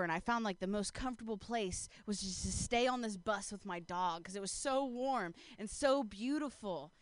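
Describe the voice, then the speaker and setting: A woman with a high voice does stand-up, rambling through a story with many "like"s and frequent laughs. The sound is dry and close. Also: dry recording. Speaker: stand-up comedian.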